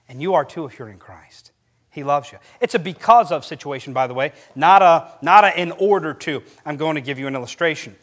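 A somewhat high-voiced middle-aged man preaches a sermon a bit quickly. As a pastor telling stories with animation, he lets his voice rise when quoting.

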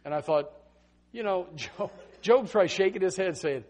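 A man preaching a Baptist sermon, swinging from loud emphatic bursts to hushed asides. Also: sits high, lively intonation, moderate pace.

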